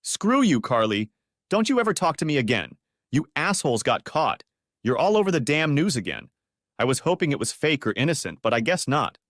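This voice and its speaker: A man's voice: mid-range voice, lively intonation, fast, few pauses, fairly bright tone, dry recording, studio quality. A man voicing a betrayed businessman husband who talks in clipped, commanding bursts. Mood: furious.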